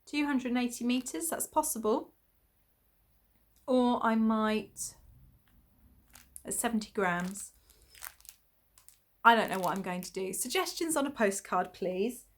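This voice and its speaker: A woman's voice: fairly high pitch, unhurried, pauses often. A woman from England, hosting a podcast in a rambling casual chat full of ums and small laughs. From England (Essex). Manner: chatty, rambling with many ums and little laughs. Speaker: podcast host.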